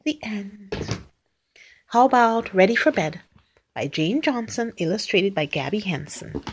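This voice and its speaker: A woman's voice: medium pitch, lively intonation, normal speed, a little hiss or hum. A woman reading picture books aloud to a young child, playfully acting out animal noises and sound effects.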